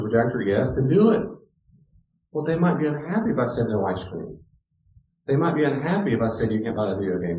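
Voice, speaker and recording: A middle-aged man giving a sermon-style teaching, animated, often acting out children's voices. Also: on the low side. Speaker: pastor teaching a class. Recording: echoey room, dull lo-fi sound.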